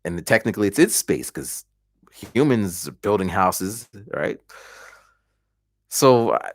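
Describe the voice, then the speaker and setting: This man talks slowly in a fairly low-pitched voice, captured as a dry recording. A livestream host in his forties, he chats casually at home, telling stories animatedly with voiced reactions.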